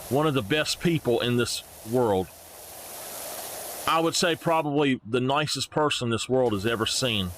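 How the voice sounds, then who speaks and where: A man's voice: medium pitch, moderate pace, slight background noise. A young man, chatting casually and rambling animatedly to his live-stream viewers while playing a game. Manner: animated, rambling, frequently laughing.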